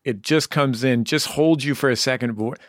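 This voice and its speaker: Male host, mid-pitched, eager, dry close mic. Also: brisk, dry recording. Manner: enthusiastic, hums out the music. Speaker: radio host. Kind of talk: interview hosting.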